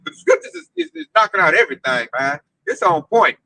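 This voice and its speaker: Animated street preacher, high bright voice. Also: male voice, a little fast, poor audio. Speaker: teacher leading a group discussion. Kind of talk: casual preaching to an online audience.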